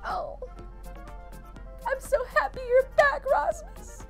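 A woman voicing an excitable young peasant woman from a live-action role-play, recounted in a vlog, with high, indignant exclamations. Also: unhurried, soft background music. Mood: relieved.

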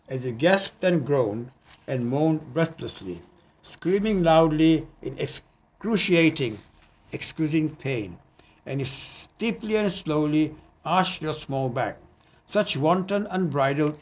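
Man reading his poems earnestly, slightly high voice. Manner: earnest, measured recitation with hesitant asides. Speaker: poet. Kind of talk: poetry reading. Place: community TV studio.

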